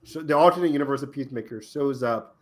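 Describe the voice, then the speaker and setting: A man co-hosting a podcast, excitedly retelling TV episode scenes in casual chat. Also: mid-range voice, fast talker. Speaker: podcast co-host.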